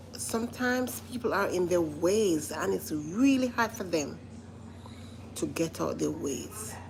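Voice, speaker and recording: A woman's voice: lowish voice, creaky, noisy background. A woman giving casual commentary to live viewers, earnest and repetitive, often stopping to say listen. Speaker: vlogger reacting to a reality show.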